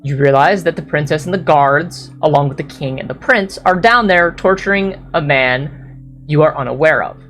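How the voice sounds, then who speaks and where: Low-voiced woman game master. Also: normal speed, faint music behind. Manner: descriptive, apologetic asides, some slips. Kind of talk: narrating a tabletop game.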